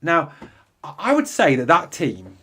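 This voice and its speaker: A man's voice: a little high, wildly swooping pitch, unhurried, bright, forceful tone, husky. A man hosting a live fan podcast, talking emphatically, repeating his points and asking listeners rhetorical questions. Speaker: podcast host. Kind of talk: live fan podcast chat, reading comments.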